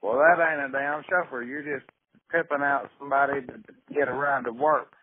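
A man's voice: mid-range voice, fairly even intonation, moderate pace, slightly rough, close to an everyday voice. A man doing a cussing Southern redneck welder. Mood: indignant. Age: 30s. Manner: loud, cursing, indignant drawl. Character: blustering 37-year-old male Mississippi welder. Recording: tinny phone line.

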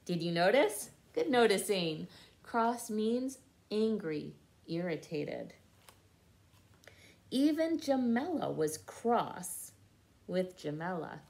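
Slow, patient woman reading a children's story. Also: medium pitch, sing-song, creaky, a little mellow. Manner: patient, explains words to young listeners. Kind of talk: children's read-aloud with word lessons.

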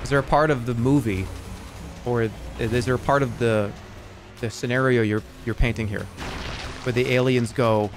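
A man's voice: medium pitch, steady tone, brisk. Guy streaming, mid voice, rambly jokey chat, mumbles asides, a bit of game music under it. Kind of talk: casual live-stream chat.

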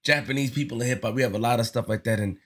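A man's voice: mid-range voice, racing. A man giving casual spoken commentary on his channel, earnest and slangy, often repeating himself as he talks it through. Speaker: vlogger.

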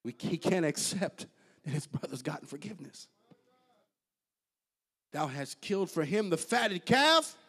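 A man preaching a sermon as pastor, swinging between loud high bursts and quiet, low asides. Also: very animated, measured pace, pauses often, breathy edge.

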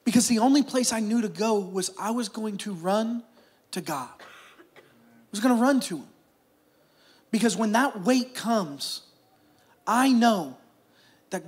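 A high-pitched man preaches a sermon. He tells his story with feeling, rising to loud, urgent stretches and dropping to near whispers. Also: measured pace, pauses often, breathy edge. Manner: emotional storytelling that swings from loud to hushed whispers. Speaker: pastor.

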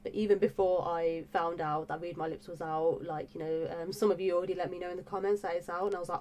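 A woman's voice: fairly low pitch, fairly even intonation, fast talker, few pauses, dark tone. A woman vlogging in a gushing, breathless way, full of fillers and repeated exclamations about her reaction channel. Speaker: music reaction YouTuber. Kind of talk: excited casual vlog talk.

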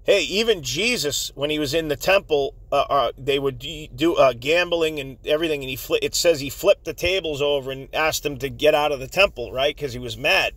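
Angry, bright-voiced man ranting. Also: a little high, brisk, hardly any pauses, dry recording. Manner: angry and insistent, repeats himself, laughs often. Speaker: channel host. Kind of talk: heated commentary rant.

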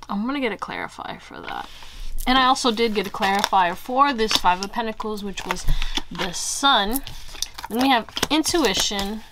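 A young woman giving a casual pick-a-card tarot reading, chatty and animated, full of fillers and asides to her viewers. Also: a little high, noisy background. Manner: chatty, animated, fillers like "you know" and "y'all". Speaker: tarot reader.

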